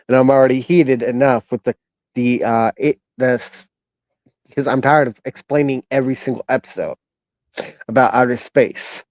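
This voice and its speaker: A man co-hosting a casual online chat show, talking in a hesitant, halting way with many fillers and restarts. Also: medium pitch, darkish tone, dry recording, dull audio. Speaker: co-host.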